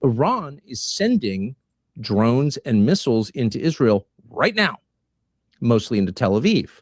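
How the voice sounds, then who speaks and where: A man giving political commentary in a measured way, posing rhetorical questions. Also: medium pitch, sing-song, no room sound, clean studio sound. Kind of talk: played commentary clip.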